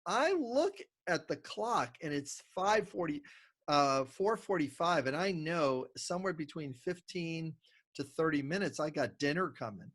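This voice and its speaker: Slightly high and in no rush, the voice belongs to a middle-aged man guesting on a podcast. A communication consultant, he explains concepts in conversation and tells stories with animation, voicing the little dialogues in them.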